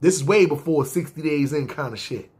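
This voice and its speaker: A man's voice: fairly high pitch, brisk, a little mellow. New York man telling a street story. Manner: slangy street talk, keeps asking "see what I'm saying". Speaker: storyteller host. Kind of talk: casual storytelling monologue.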